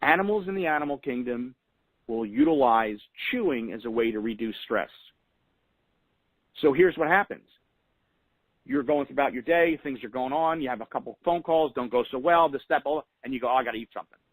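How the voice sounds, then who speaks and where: A man's voice: medium pitch, expressive, moderate pace, no echo. Earnest man coaching on a dry phone line. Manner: earnest, repeats key phrases for emphasis. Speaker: motivational host of a weekly huddle call. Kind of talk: motivational coaching talk. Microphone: phone call.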